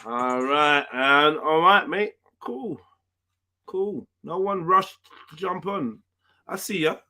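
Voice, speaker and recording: A man's voice: fairly high pitch, slow pace, bright, forceful tone. A man hosting a casual livestream chat. He talks in loose, teasing street slang. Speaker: livestream host.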